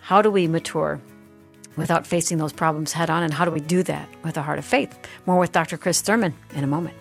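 A woman's voice: low-pitched, quick pace, vocal fry, faint music behind. A woman hosting a Christian radio talk show, speaking in an earnest, conversational way and asking probing questions.

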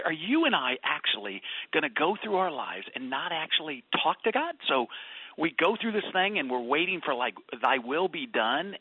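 Man, husky voice, lively ups and downs, faith talk, tinny phone line, dry. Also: fairly high pitch, dry recording. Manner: animated storyteller, swings from loud to whispered. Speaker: radio talk guest. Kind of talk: Christian radio conversation.

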